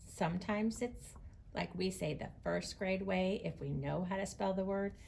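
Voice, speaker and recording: Slow, gravelly-voiced woman teacher. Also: medium pitch, a little mellow, slight background noise. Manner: stretches out word sounds slowly. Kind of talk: read-aloud writing lesson for young children.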